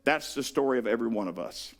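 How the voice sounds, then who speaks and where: A man with a Southern US accent preaching a sermon, animated, acting out the voices he quotes. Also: medium pitch, quick pace, gravelly. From Southern United States. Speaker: pastor.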